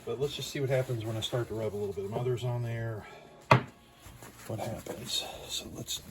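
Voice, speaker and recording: A man giving a casual workshop demonstration as a pinball restorer, thinking aloud in a loose, unhurried way. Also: medium pitch, fairly even intonation, very noisy. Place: home workshop at a workbench.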